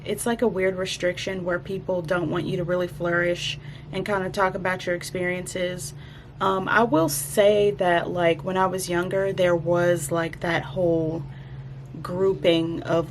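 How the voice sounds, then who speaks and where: A young woman speaks casually and reflectively, stopping and restarting often with many fillers. Her voice sits a bit low. A faint hiss of noise runs under the recording.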